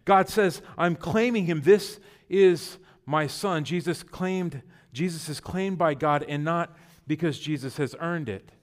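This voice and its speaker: High-voiced man preaching with dynamic swings. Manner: storytelling with sudden loud bursts and quiet, intimate drops; conversational with fillers like "like" and "you know". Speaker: pastor. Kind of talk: sermon.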